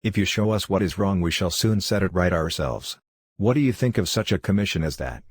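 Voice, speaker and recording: Guy reading as a pushy secretive colonel, deep low voice, dry close sound. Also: expressive, brisk, slightly rough, no echo. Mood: insistent. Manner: insistent, probing. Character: secretive thin middle-aged male colonel.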